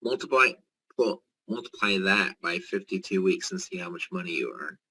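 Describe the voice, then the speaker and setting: A man giving an excited, joking sales pitch in a live online presentation, walking viewers through figures. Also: normal speed, a little hiss or hum, poor audio.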